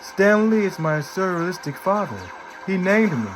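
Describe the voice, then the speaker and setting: A man's voice: high voice, lively intonation, moderate pace, poor audio. A man doing an offbeat, drawling impression of a famous male movie actor while reading the actor's quotes. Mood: quirky, wry. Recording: clear background music.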